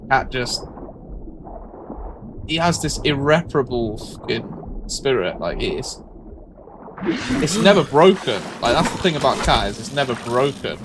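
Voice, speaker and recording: A man, animated and swearing in casual chat as a streamer. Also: unhurried, pauses often. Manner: animated, swearing, acts out quotes with sudden high yelps. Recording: noisy background.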